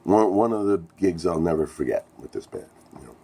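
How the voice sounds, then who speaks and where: A middle-aged man with an extremely low, dark, mellow voice tells a band story in a casual vlog. He rambles, swears often and sounds thrilled by what happened. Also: expressive, a little fast, creaky, husky. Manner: rambling, profane, enthusiastic storyteller. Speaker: musician telling a band story.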